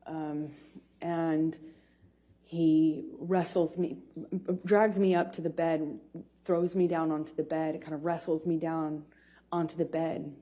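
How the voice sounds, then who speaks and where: A woman testifying as a witness in court, speaking haltingly with frequent pauses and restarts. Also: low-pitched, warm tone.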